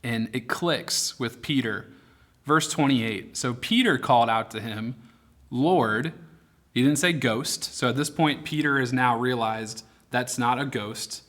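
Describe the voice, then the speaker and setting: A man gives a youth sermon in a relaxed, conversational tone. He tells the scripture story with lively, animated quotes, and his voice sits at an ordinary middle pitch. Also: unhurried. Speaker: youth pastor. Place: online youth ministry broadcast.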